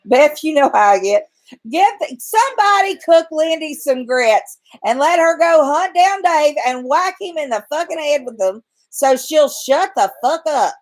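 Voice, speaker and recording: A woman's voice: high-pitched, animated, measured pace, poor audio. A woman ranting bluntly and profanely in a home vlog, from bed right after waking. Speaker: vlogger.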